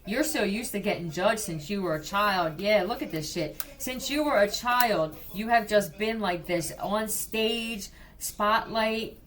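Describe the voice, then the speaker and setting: Slow-talking woman giving a profane psychic reading. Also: medium pitch, a bit bright. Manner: blunt and profane, addressing the viewer directly. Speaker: psychic reader. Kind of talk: casual spoken psychic reading.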